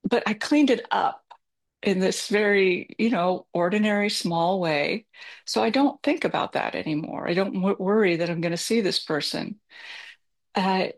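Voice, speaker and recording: A woman's voice: mid-range voice, moderate pace. A middle-aged woman telling a self-deprecating personal story as advice, candid and chatty with filler words. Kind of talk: personal advice talk with anecdote.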